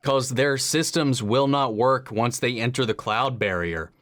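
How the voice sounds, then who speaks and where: A man's voice: mid-range voice, measured pace, a bit bright, dry recording, studio quality. A man hosting a reaction video, chatting casually in a rambling way, with lots of fillers and restarts. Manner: rambling, filler-heavy talk with frequent restarts.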